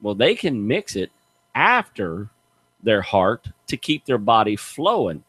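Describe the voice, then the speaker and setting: Man, middle-aged, folksy emphatic storyteller, lively up-and-down voice, dry studio sound. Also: fairly low pitch, slow pace, slightly rough, no room sound. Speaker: radio show host, gator hunter. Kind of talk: casual radio chat, storytelling.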